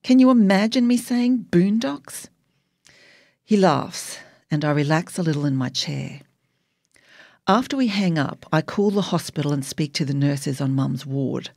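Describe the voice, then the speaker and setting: Low-voiced woman reading a memoir. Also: moderate pace, creaky, darkish tone, no echo, studio quality. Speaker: memoir narrator. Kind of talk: audiobook memoir narration.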